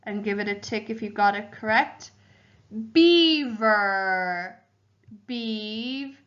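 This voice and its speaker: A woman teacher giving a home learning phonics lesson to young children, slowly sounding out syllables and spelling words letter by letter. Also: mid-range voice, animated, fairly bright tone, muffled recording. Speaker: primary school teacher.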